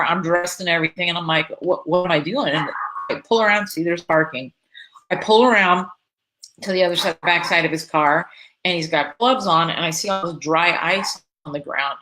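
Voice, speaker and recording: Woman, from Florida, vlogger, casual storytelling, chatty, fillers and restarts, slightly low voice. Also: moderate pace, a bit bright, a little hiss or hum, low-quality recording. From Florida, USA.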